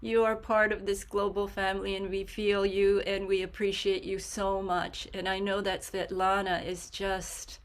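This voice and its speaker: Slow, gentle woman hosting. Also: mid-range voice, flat delivery. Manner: gentle, soft-spoken, affectionate. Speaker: host. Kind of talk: hosting an online prayer gathering. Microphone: video call.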